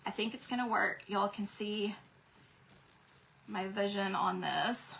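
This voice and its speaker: A woman's voice: medium pitch, slow pace, gravelly, a bit bright, a little hiss or hum, rough recording. A woman hosting a casual crafting livestream, chatting to viewers as she works. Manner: chatty, addresses viewers as y'all.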